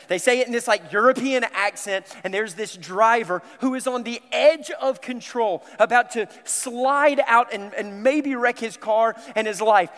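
A man's voice: sits high, fairly bright tone. A male pastor from the American South preaching conversationally and talking directly to his congregation. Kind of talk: sermon. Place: large church sanctuary. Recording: long reverb of a church hall.

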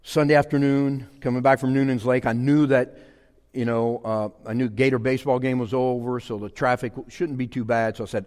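A middle-aged man preaching a sermon, telling a folksy personal story with animated swings and loud bursts. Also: mid-range voice, moderate pace. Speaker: pastor. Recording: long hall reverb.

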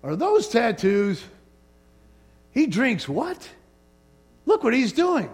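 A man's voice: extremely high pitch, huge pitch swings, slow pace, pitched above the performer's own voice, exaggerated voice. A man voicing a judgmental churchgoer who gossips in disbelief, inside a sermon. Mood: scandalized. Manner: incredulous, scandalized.

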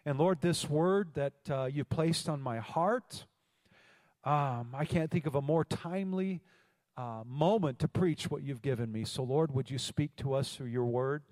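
Long reverb fills the large church hall as a male pastor delivers a sermon, recounting a story and calling on the congregation to respond. He speaks at a measured pace in a fairly high, slightly mellow voice.

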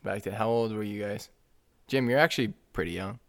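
A man's voice: lowish voice, a little fast. A man hosting a casual chat, easygoing and prompting the others with questions.

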